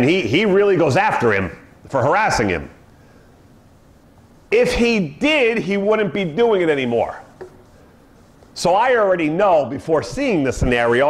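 Emphatic middle-aged guy talking dogs, keeps saying right, echoey room. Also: on the high side. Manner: emphatic, acts out owners' commands, says "right?" often. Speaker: dog trainer. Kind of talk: animated monologue.

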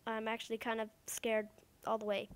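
Excitable high-voiced woman gaming. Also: fairly quick. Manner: excitable, talks to game creatures, repeats words. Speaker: gamer. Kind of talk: casual let's play commentary.

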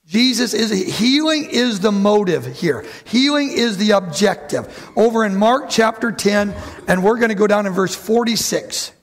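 A man preaching a lively sermon to his church, who acts out the voices of bible figures and calls out to the congregation. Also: sits high, moderate pace. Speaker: pastor.

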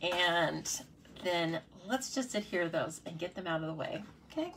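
A woman's voice: fairly low pitch, animated, a little slow, fairly bright tone, a little hiss or hum. A woman demonstrating card-making in a casual live tutorial, chatty and playful, talking to herself and her viewers. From United States.

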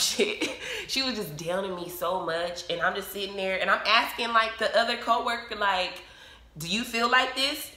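Woman vlogger, lowish voice with a bright, forceful edge, animated storyteller, echoey room. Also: slight background noise. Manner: animated, emotional, acts out quoted dialogue. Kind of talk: casual storytime monologue. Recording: roomy echo.

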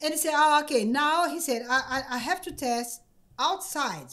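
Woman, high voice, excitable, stumbling over words, podcast guest storytelling. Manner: excited, laughing, halting with many repeated words. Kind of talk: casual storytelling. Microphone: podcast microphone.

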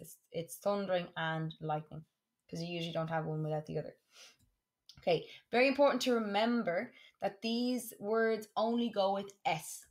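Woman teaching German vocabulary. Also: on the low side. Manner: slow, careful modelling of German words, repeating for practice. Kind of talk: classroom lesson for students.

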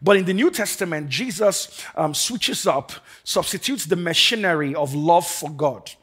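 A man's voice: on the high side, lively intonation, moderate pace, a bit bright, husky. A man preaching a sermon to a congregation as pastor, emphatic and fervent, leading the people in call and response. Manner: emphatic, building to fervent declarations. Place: church service before a congregation.

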